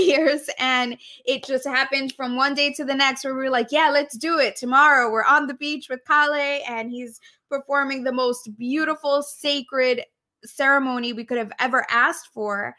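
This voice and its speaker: A woman co-hosting a podcast, chatting openly and effusively, often laughing as she talks. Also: high voice. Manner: warm, gushing, laughs often. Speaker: podcast co-host. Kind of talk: casual podcast conversation.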